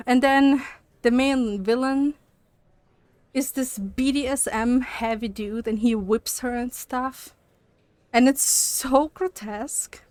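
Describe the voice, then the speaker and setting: A woman's voice: high-pitched, no room sound. A young woman streaming live, chatting and swearing animatedly, a little out of breath from walking on a walking pad. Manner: animated, swearing, laughs often. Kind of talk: casual chat with live chat.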